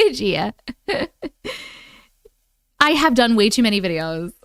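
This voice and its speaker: A mid-range voice with vocal fry, speaking slowly: an Oklahoma woman hosting a casual livestream, venting over viewer chat with lots of swearing and laughter. Her tone is animated and exasperated. The recording is dry and clean, studio quality.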